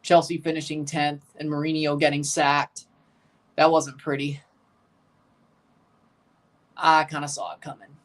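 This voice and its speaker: A man's voice: fairly high pitch, monotone, measured pace, pauses often. A man giving casual live commentary while watching a football match, talking through the play, answering viewers, and getting nervous near the end. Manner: chatty, nervous, calls out play as it happens. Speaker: streamer reacting to a live match.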